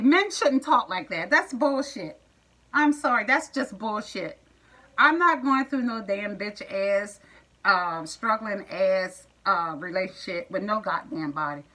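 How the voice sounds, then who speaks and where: Woman, AAVE, sassy profane rant, vlog monologue, bright voice. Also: medium pitch, low-quality recording. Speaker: vlogger. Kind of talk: ranting monologue to viewers.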